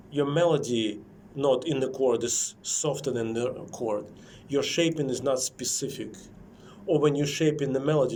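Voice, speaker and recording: A man's voice: medium pitch, darkish tone, slight background noise. A man teaching a private piano lesson, explaining shaping and balance in slightly non-native English while he plays and sings rhythms. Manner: corrective, explains while playing and singing rhythms.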